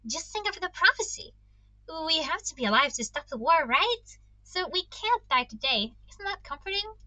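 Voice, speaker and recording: A woman's voice: very high voice, very animated, moderate pace, pushed and bright, no room sound, pitched above the performer's own voice, exaggerated voice, poor audio. A woman reading aloud voices a hopeful, earnest young female dragon in a storybook.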